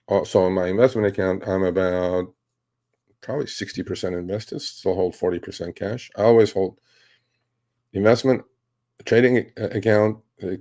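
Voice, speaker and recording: A man's voice: low voice, gravelly, warm tone. A man hosting a live question-and-answer stream about his trades, talking bluntly and casually with rambling restarts and some swearing. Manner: blunt, rambling, profane, mocks reckless traders. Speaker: host answering viewer questions on trading.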